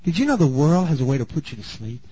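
A man preaching a sermon, dramatic and swinging from loud bursts to hushed asides. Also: fairly high pitch, big pitch swings, quick pace, husky, no room sound. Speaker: pastor. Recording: dull lo-fi sound.

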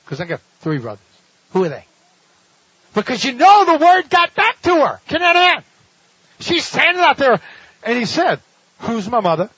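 A man's voice: very high-pitched, wildly swooping pitch, moderate pace, long pauses, a bit bright, no room sound, muffled recording. A man preaching a sermon, telling a story dramatically with laughs and rhetorical questions. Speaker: pastor.

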